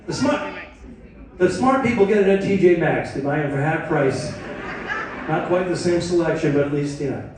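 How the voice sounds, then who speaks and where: A man's voice: on the high side, moderate pace. Male stand-up comedian, self-deprecating, chatty with the crowd, echoey hall, distant mic. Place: cruise ship theater.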